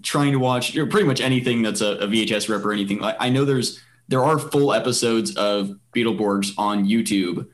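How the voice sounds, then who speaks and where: A man's voice: lowish voice, brisk, few pauses. A man hosting a casual podcast chat, rambling with many fillers and restarts. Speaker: podcast host.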